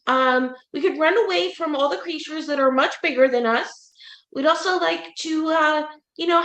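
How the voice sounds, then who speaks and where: Woman playing a tiny squeaky mouse, high voice, slow, echoey room. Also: a bit bright. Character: small shy female mouse wanting a family. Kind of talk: improv comedy character. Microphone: video call. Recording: echoey room on a video call.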